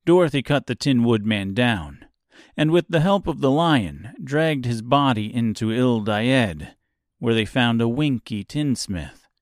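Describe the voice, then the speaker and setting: Man, audiobook narrator, measured storytelling, slow, dry close mic. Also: medium pitch, animated, dry recording.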